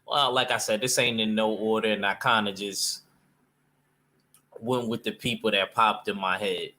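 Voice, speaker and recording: A man's voice: on the low side, fairly even intonation, moderate pace, bright, forceful tone. A man chatting casually about comic books in a rambling way, with loose slang and lots of fillers. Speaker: comic book vlogger. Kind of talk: casual chat.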